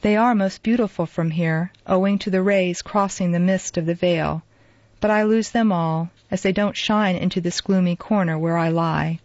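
A woman voicing an ailing, sad and forgiving middle-aged man who murmurs quietly and huskily in a storybook reading. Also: lowish voice, moderate pace, no room sound, close to an everyday voice. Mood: weary. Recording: dull lo-fi dry recording.

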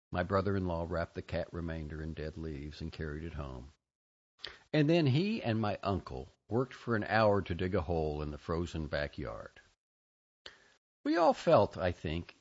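A man with a very low voice reads a personal memoir, his intonation rising and falling widely as he moves through the scene. The recording is dull and lo-fi, lacking crispness. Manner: measured, expressive reading with lively intonation. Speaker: narrator. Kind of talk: reading a personal memoir aloud.

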